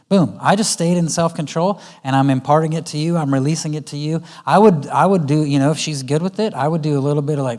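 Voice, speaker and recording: A man's voice: mid-range voice, steady tone, brisk, a little mellow. A man giving a parenting talk at a church conference, often acting out what a parent and child say to each other in different voices. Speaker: guest speaker. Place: church auditorium.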